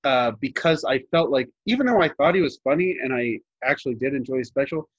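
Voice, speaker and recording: This young adult man co-hosts a podcast, chatting casually and rambling with plenty of fillers and restarts. His mid-range voice is expressive, a little fast and slightly rough, and the recording sounds muffled.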